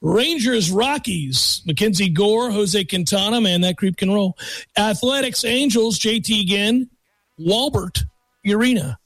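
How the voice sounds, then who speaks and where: A man's voice: high voice, lively intonation, unhurried, fairly bright tone, no echo. A man co-hosting a casual sports podcast, rattling off names with playful emphasis, on a close mic. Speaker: podcast co-host.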